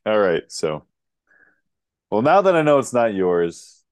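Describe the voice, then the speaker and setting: Expressive male podcast guest. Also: lowish voice, measured pace, clean tone. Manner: chatty, expressive, laughs easily. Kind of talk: casual chat.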